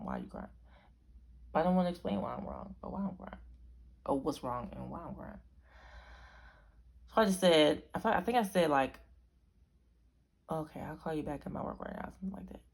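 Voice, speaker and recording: A woman's voice: deep voice, sing-song, fairly quick, creaky, long pauses, a little mellow. A young woman from Arizona telling a story to camera in a rambling, chatty way that keeps correcting itself. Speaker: vlogger.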